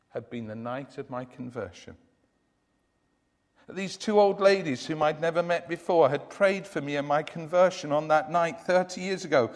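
A man's voice: fairly high pitch, normal speed. Dramatic male preacher in a reverberant hall. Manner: dramatic storyteller, reading quoted testimony aloud. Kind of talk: sermon storytelling.

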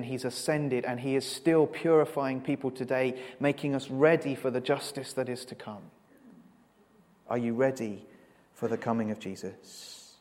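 A man's voice: mid-range voice, darkish tone. Earnest male preacher in a reverberant hall. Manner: earnest, measured, rhetorical questions. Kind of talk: sermon. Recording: long reverb of a large hall.

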